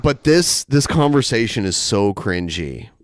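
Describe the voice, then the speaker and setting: A man's voice: fairly low pitch, sing-song, a little slow, dry recording. A man hosting a comedy podcast, mockingly reading out and reacting to chat messages with frequent laughs. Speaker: podcast host. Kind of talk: casual comedic commentary.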